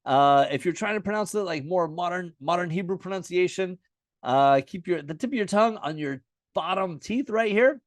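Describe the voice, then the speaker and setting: An American man teaching the alphabet in a relaxed lesson, saying each letter name aloud again and again as he writes it. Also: sits high, fairly quick, no echo, clean studio sound. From United States. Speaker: Bible and Hebrew teacher.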